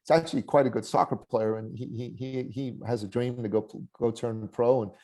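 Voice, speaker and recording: A man's voice: mid-range voice, brisk. A man in his forties, a podcast guest, telling a personal story in conversation and acting out the voices of the people in it. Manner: animated storyteller who acts out quoted voices.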